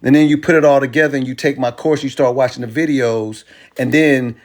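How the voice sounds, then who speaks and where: A man's voice: medium pitch, fairly even intonation, fairly quick. A man teaching crypto trading in casual, emphatic, repetitive speech, using slang and selling his course. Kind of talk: casual teaching demo with music.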